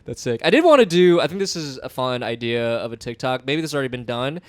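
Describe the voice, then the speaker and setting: A man's voice: medium pitch, animated, quick pace, no room sound. A man co-hosting a casual podcast, joking and laughing a lot as he talks. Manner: laughs often, jokey and self-mocking. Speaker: podcast co-host. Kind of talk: casual chat.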